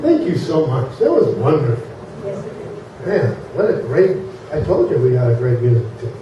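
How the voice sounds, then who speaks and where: A male minister giving a sermon in a casual, joke-telling way, often pausing with fillers as he speaks. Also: medium pitch, sing-song, noisy background. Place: church sanctuary. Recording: echoey far-off dull sanctuary recording.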